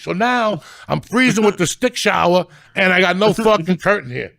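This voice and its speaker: A middle-aged man telling comic stories as a podcast guest, loud, ranting and foul-mouthed. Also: high voice, animated, moderate pace, gravelly, hardly any pauses, dry recording, clean studio sound. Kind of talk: profane comic storytelling.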